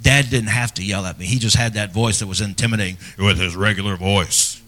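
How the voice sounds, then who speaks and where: Middle-aged pastor preaching with swelling emphasis. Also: male voice, fairly low pitch, steady tone, a little fast. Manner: dynamic delivery, swinging from loud emphasis to hushed near-whispers; earnest and personal, speaking to fathers. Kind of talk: sermon.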